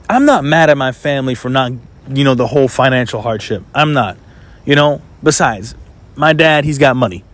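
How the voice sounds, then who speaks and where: A man's voice: mid-range voice, lively intonation, unhurried, long pauses, fairly bright tone. A young man, talking casually to camera in a blunt, swearing monologue full of "you know" fillers. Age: 20s. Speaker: vlogger.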